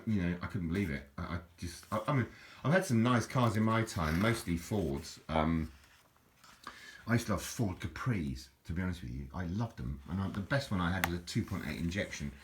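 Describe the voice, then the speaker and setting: A man's voice: deep voice, slight background noise. A middle-aged man, rambling in a casual, jokey video monologue with frequent restarts. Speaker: vlogger.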